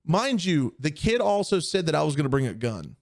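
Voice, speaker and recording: A man's voice: fairly high pitch, very animated, a little fast. A young man co-hosting a podcast, telling a story in casual chat and acting out the people he quotes. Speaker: podcast co-host.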